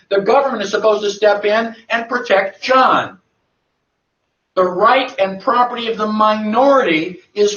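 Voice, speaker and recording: A man lectures emphatically, answering his own rhetorical questions in a fairly high voice. The recording sounds dull and lo-fi, picked up from a distance in a reverberant room. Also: a bit bright. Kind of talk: lecture to a live audience.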